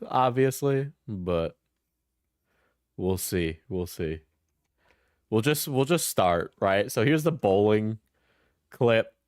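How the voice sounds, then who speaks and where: A man's voice: on the low side, clear, resonant tone, no room sound, clean studio sound. A young man streaming clip reactions in casual chat, rambling and laughing often as he trails off mid-sentence.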